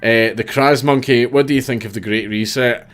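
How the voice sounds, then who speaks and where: A man's voice: medium pitch, fairly even intonation, normal speed, fairly bright tone, faint music behind. A Scottish man in his thirties hosting a casual livestream, reading viewer comments and answering bluntly with swearing and repeated false starts.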